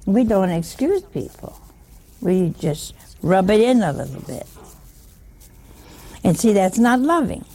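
Slow, gravelly-voiced woman preaching. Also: medium pitch, sing-song, mellow. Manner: chatty, teasing rhetorical questions with humor. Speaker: religious teacher. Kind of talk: conversational sermon.

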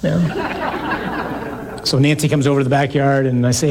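A man's voice: on the high side, normal speed, gravelly, long pauses. A man preaching a sermon, reading scripture aloud and explaining it with emphasis and jokes. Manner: animated, emphatic, jokes with the listeners.

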